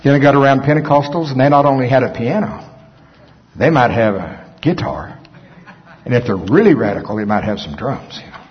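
Male pastor, folksy storyteller, lively pitch, hall reverb. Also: a little fast, muffled recording. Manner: folksy, animated anecdotes. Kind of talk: storytelling sermon.

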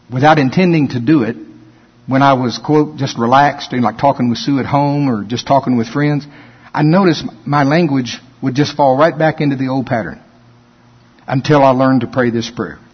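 Husky, high-voiced fervent male preacher. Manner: fervent, repeats hallelujah, quotes scripture. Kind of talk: sermon with scripture confessions. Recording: dull, reverberant hall recording.

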